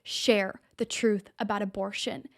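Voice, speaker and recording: A woman's voice: medium pitch, little pitch movement, measured pace. A woman hosting her own show, delivering impassioned, emphatic opinion commentary straight to the viewer. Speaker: show host.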